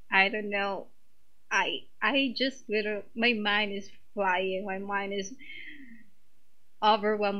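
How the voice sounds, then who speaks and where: A woman's voice: mid-range voice, pushed and bright, lo-fi sound. A young woman hosting a reaction video, gushing over what she watches, exclaiming and swearing often. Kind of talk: reaction commentary.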